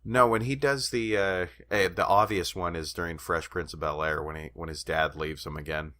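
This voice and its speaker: A man's voice: deep voice, steady tone, normal speed, bright, forceful tone. A man co-hosting a podcast in casual chat, a rambling storyteller who laughs often and swears casually. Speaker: podcast co-host.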